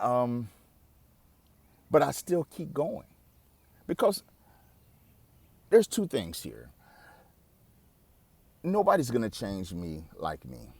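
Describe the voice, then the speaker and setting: A man's voice: fairly low pitch, darkish tone, dry recording. A man in his forties giving a candid, conversational self-help talk that is laced with swearing. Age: 40s. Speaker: podcast host. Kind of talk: casual self-help monologue.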